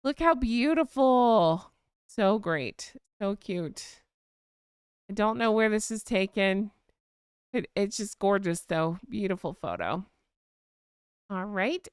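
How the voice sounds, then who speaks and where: Gushing woman host with a gravelly edge. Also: a little high, no echo, clean studio sound. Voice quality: gushing, effusive. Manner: thanks donors warmly by name. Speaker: live-stream host. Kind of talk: casual live chat.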